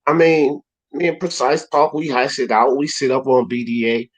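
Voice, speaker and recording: A man hosting a boxing talk livestream, animated and heated, swearing freely and rising to shouts. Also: medium pitch, normal speed, muffled recording.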